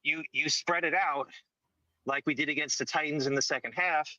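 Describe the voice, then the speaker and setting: A caller phones into a talk show from a tent in a mine, voicing his opinion emphatically and repeatedly checking "okay?". His voice is on the high side, steady, bright and forceful, at normal speed with no room sound, over dull lo-fi call audio.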